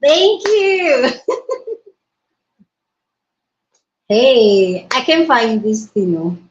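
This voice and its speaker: A woman hosting a casual livestream from her mobile phone, hyper, excitable and loud as she greets her viewers. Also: on the high side, takes it slowly. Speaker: livestream host. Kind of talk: casual live-stream chat. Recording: roomy, dull lo-fi phone audio.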